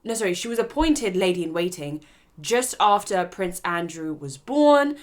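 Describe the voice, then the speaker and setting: A woman hosting her own commentary channel, talking in an animated, emphatic and argumentative way. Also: lowish voice, moderate pace. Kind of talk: opinion commentary vlog.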